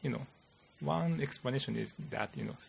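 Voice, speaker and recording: A man with a Japanese accent, a physicist guest explaining theory in casual chat, halting and searching for words. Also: mid-range voice, huge pitch swings, creaky, slightly rough. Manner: halting, many "you know" fillers, searching for words.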